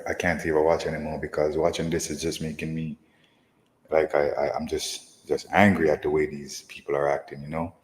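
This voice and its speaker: A man's voice: extremely low pitch, little pitch movement, brisk, big-room sound, a little hiss or hum, low-quality recording. A man teaching from scripture in an emphatic, repetitive way, often asking "right?". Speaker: preacher. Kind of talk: scripture lesson.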